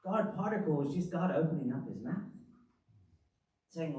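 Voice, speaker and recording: A man preaching a sermon as pastor, in an animated, conversational style full of rhetorical questions. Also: on the high side, normal speed. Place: church hall. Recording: very echoey hall, from the far mic.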